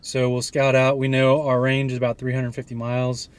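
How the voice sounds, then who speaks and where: A man's voice: mid-range voice, monotone, a little fast, clean tone, no room sound. Joking man chatting on a travel vlog. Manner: joking, playful teasing. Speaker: vlog host. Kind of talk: casual travel vlog chat.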